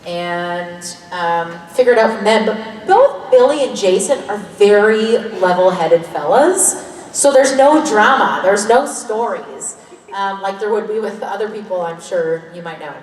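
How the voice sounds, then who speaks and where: A woman's voice: medium pitch, lively intonation, a little slow, a little mellow, slight background noise. A woman in her thirties chatting candidly as a convention panel guest, laughing often and swearing casually. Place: large convention hall. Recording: echoey hall, distant mic, faint ambience.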